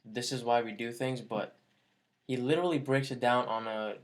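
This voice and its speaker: A young man giving a casual testimonial about a course, relaxed and hesitant with many fillers. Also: mid-range voice, normal speed. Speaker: course student.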